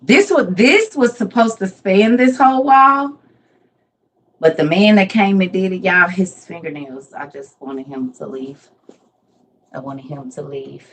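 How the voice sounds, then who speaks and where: A woman's voice: on the low side, a little slow, a little hiss or hum, rough recording. A middle-aged woman, hosting a casual livestream from home, telling stories with lots of laughter before a Bible message. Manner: animated storyteller, laughs often. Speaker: livestream host and Bible teacher.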